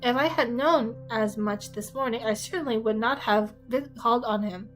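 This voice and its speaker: A woman voicing a dry, teasing older gentleman, speaking in a wry, unhurried way. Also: fairly high pitch, faint music behind, lightly acted, low-quality recording.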